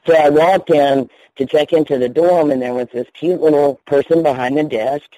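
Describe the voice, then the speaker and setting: Mellow-voiced Southern man telling his story. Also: on the high side, fairly even intonation, normal speed, no room sound, poor audio. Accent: Southern US, North Carolina. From North Carolina. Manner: chatty, candid, laughs easily. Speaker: guest minister. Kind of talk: storytelling in a radio interview.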